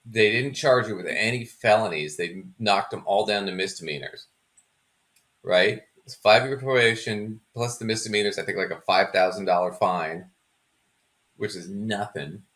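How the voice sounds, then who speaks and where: A man's voice: lowish voice, normal speed, a bit bright. A man hosting a casual commentary chat, chatty and mocking, often laughing. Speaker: host.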